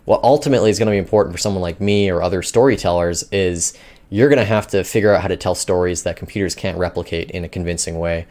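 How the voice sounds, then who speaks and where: A man's voice: low-pitched, fast, darkish tone. A man hosting a finance news show, talking in loose, rambling casual commentary with many fillers.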